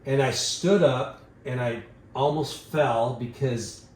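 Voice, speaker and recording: A man in casual podcast talk who spins a story with lots of energy, swears freely and slips into voices. His mid-pitched voice sounds in an echoey room. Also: slow pace. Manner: animated, profane, acts out voices. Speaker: podcast co-host telling a story.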